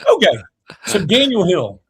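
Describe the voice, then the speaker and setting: A man, co-hosting a casual sports podcast, animated and jokey. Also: sits high, a little slow, breathy edge. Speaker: podcast co-host.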